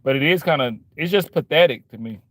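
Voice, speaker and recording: This forty-something vlogger gives a casual, profane rant to the camera, repeatedly saying "man" and "bro" as he makes each point. He speaks briskly and expressively on the high side, and the recording has no room sound.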